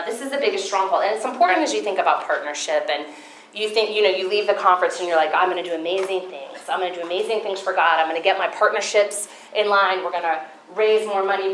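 A woman speaking at a Christian seminar in an echoey room, with a little noise in the background. She tells personal stories in an animated way and acts out what she once thought. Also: medium pitch. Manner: animated storytelling, acting out her own past thoughts. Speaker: conference speaker.

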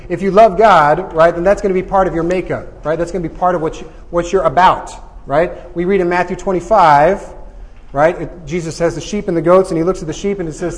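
A man leads a Bible study with a lively, joking manner. His voice sits a little high, and he keeps checking in with the group as he teaches. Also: big-room sound. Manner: energetic, joking, asks "right?" often.

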